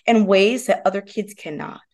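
A young adult woman, a guest on a podcast, telling personal stories in a casual, animated way and acting out the voices of people in them. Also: mid-range voice, moderate pace. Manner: animated, acts out quoted dialogue. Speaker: guest, movement method founder. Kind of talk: casual storytelling interview.

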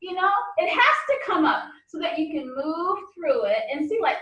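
Lively high-pitched woman, laughing often. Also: moderate pace, echoey room, recorded from a distance, low-quality recording. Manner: animated, laughs often, playful voices. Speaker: podcast guest, coach. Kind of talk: casual interview chat.

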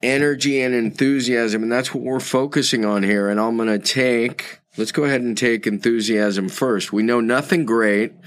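A man leading a recorded course lesson, unhurried and reflective, fond of quotes and word origins. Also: medium pitch, fairly even intonation, no echo. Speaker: course instructor.

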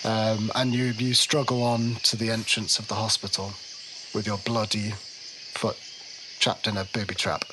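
Acting as game master and podcast host, a man narrates a comedy tabletop game in a playful, teasing way, halting often with fillers. His voice is lowish and his delivery flat, with background noise behind him.

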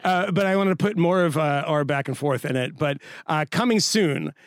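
A podcast co-host in casual chat, loose and joking, a bit drunk and hiccuping. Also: male voice, fairly high pitch, normal speed, no echo, clean studio sound. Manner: loose, joking, swearing, tipsy.

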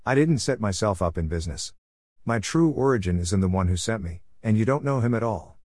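A man's voice: lowish voice, expressive, brisk, a little mellow, dry recording. A man voicing Jesus as a male teacher speaking earnestly to a crowd. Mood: declaring.

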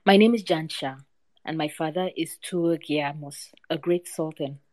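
A woman's voice: deep voice, measured pace, a little mellow, dry recording. A woman reading the part of a young sultan's son who recounts his adventures in a storybook tale.

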